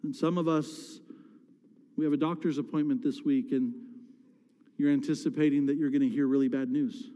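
A middle-aged male pastor preaching frankly and emotionally, often restarting his phrases. His voice sits a little high yet sounds mellow and dark. A long hall reverb trails each line in the church. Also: fairly even intonation, moderate pace, long pauses, lo-fi sound. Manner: candid, emotional, many restarts. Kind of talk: sermon. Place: church sanctuary.

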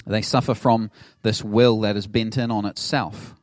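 A man's voice: lowish voice, normal speed, no room sound, clean studio sound. A middle-aged man, a pastor preaching a sermon in a casual, conversational way, acting out the people in his story. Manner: conversational, animated storytelling with laughs.

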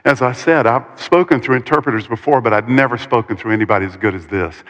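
A man preaching a sermon, retelling a story with animated, dramatic delivery and pauses. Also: medium pitch, big-room sound.

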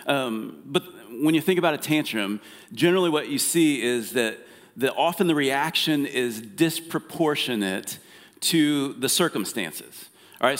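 A man preaching a sermon in a relaxed, conversational way, with plenty of fillers and restarts. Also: medium pitch, long reverb tail. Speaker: pastor. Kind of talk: casual sermon.

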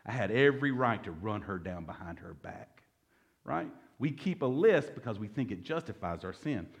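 A man's voice: on the low side, lively intonation, moderate pace, gravelly. A man in his forties preaching a conversational sermon as pastor, joking and calling out to the congregation. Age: 40s. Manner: conversational, joking, calls for audience response.

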